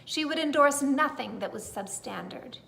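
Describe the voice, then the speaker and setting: A woman reads a children's bedtime story aloud with a gentle, expressive delivery. Her voice sits fairly high. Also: moderate pace, gravelly. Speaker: storybook reader.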